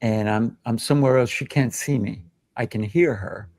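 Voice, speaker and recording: Gravelly-voiced man telling stories. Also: medium pitch, normal speed, no echo. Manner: animated, acts out children's voices in anecdotes. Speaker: kung fu instructor and show host. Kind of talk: casual discussion, storytelling.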